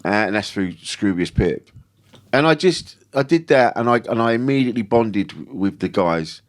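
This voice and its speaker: A man's voice: fairly low pitch, expressive, normal speed. A man, a comedian guesting on a podcast, telling stories in a rambling, swearing, self-interrupting way. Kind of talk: casual chat.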